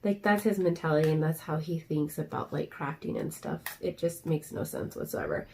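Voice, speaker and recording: Young woman crafter venting in a casual vlog; dark, mellow voice with plenty of fry. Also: low voice, normal speed, slight background noise. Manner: rambling and ranty, many fillers. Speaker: craft vlogger. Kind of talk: casual chat while diamond painting.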